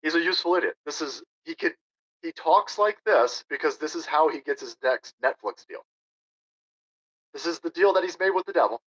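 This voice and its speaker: A man's voice: a little high, animated, normal speed, a bit bright. Sarcastic, combative male stream host. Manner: sarcastic, combative, reads chat aloud. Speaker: political livestream host. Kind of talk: ranting livestream commentary. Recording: dull lo-fi stream audio.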